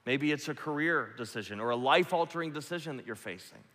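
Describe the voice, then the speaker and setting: A man preaching with passion, his voice climbing to loud peaks and then dropping to a near-hush. His voice sits a little higher than most men's and rings out with a long hall reverb behind it. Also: animated, quick pace. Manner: impassioned, swinging from loud peaks to hushed lows. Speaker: pastor. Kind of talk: sermon.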